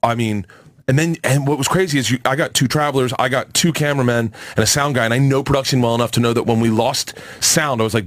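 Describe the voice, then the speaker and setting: A comedian man tells his story at breakneck speed, excitable and profane. He jumps into the voices of the people he quotes. The studio sound is close and dry. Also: medium pitch, fast talker, no echo. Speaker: comedian guest. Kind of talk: animated storytelling in studio chat. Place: radio studio.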